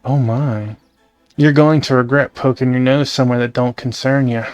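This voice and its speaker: A man reading the part of a cool adult assassin who speaks in a calm, measured, quietly threatening way. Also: mid-range voice, no echo, soft background music, lightly acted. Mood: calm menace.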